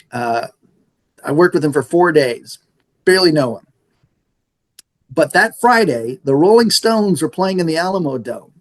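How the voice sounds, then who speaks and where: A middle-aged man, a radio station manager, telling stories in a casual interview and acting out the dialogue. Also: on the high side. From San Antonio area, Texas. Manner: animated storyteller acting out dialogue.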